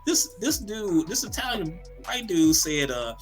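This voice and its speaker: A man co-hosting a casual comedy podcast, talking in an animated, profane way, laughing often and repeating words as he goes. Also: sits high, unhurried, faint music behind. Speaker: podcast co-host.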